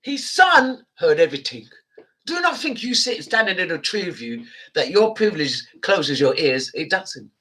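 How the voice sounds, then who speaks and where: A woman's voice: lowish voice, sing-song, moderate pace, pushed and bright, husky. A woman hosting a radio show, speaking passionately and heatedly. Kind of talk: impassioned show chat.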